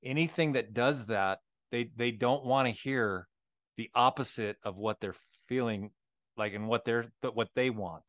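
A man co-hosting a faith podcast shares stories candidly, tagging his points with a quick "right?" to his partner. His voice sits at a middle pitch and is recorded dry, with no room echo. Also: a bit bright. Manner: candid storytelling, tags with "right?". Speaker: podcast co-host. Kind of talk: casual faith conversation.

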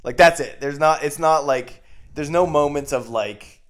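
A man's voice: a little high, unhurried. A man co-hosting a podcast, chatting casually and earnestly about a movie with lots of "like" fillers. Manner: earnest, enthusiastic, many "like" fillers. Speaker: podcast co-host. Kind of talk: casual chat.

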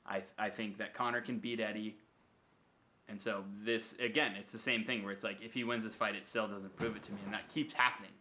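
Bright-voiced opinionated man. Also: on the low side, steady tone, fairly quick. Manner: emphatic, opinionated, swears freely. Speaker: podcast host. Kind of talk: casual chat.

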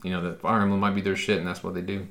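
A man co-hosting a casual chat, telling stories in a relaxed way and swearing freely. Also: sits low, racing, creaky. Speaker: podcast co-host.

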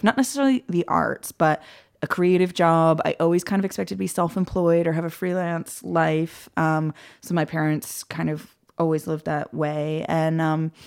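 A woman guest on a podcast, telling stories in a casual, animated way, acting out quoted voices and often laughing. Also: low voice, creaky. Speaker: guest, film director. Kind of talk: casual podcast interview storytelling.

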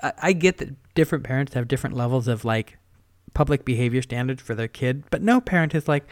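A man's voice: medium pitch, animated, no room sound. A man in his thirties co-hosting a casual chat, joking with a wry, laid-back manner. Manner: wry, joking, drawn-out asides. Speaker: podcast co-host.

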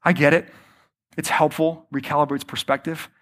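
A man preaching a sermon, often slowing down to stress his points and calling the listeners friends. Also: medium pitch. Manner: varies pace and loudness, slows for emphasis. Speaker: pastor.

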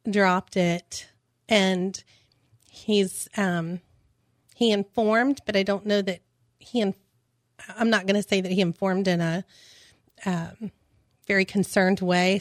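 A woman, a parent, telling her story on a radio talk show, hesitant and halting with many restarts. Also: medium pitch, flat delivery, no room sound, studio quality. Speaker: guest, parent.

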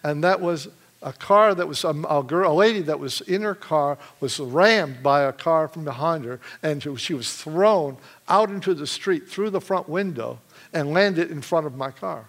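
Male preacher from Michigan, lively storyteller, laughs often, voice sits a touch high. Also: measured pace. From Michigan, USA. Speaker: preacher giving testimony. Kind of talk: sermon testimony.

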